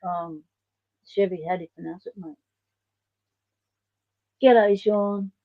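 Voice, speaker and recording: A woman's voice: mid-range voice, steady tone, takes it slowly, no echo. An Australian woman hosting a casual livestream, chatting in a rambling way and answering viewer comments. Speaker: livestream host. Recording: dull lo-fi stream audio.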